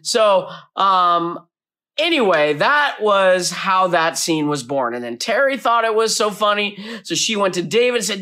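Bright-voiced man telling a lively anecdote. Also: high voice, unhurried, smooth. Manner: lively, acts out his own past lines. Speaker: actor telling a behind-the-scenes story. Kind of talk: animated storytelling.

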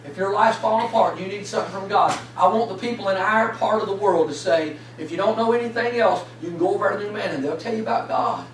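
A man preaching a revival sermon, fervent and building to shouts, leading call-and-response with the congregation. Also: sits high, quick pace, few pauses, slight background noise. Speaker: guest preacher. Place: large church sanctuary. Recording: echoey sanctuary, distant mic.

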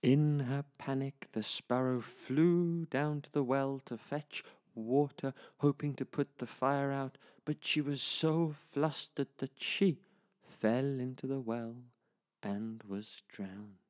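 A man telling a traditional children's story in a slow, lively, sing-song way. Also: mid-range voice.

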